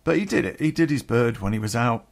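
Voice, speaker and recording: A man's voice: mid-range voice, animated, fast talker, creaky. A middle-aged man telling a personal story on a podcast, candid and rambling, swearing freely.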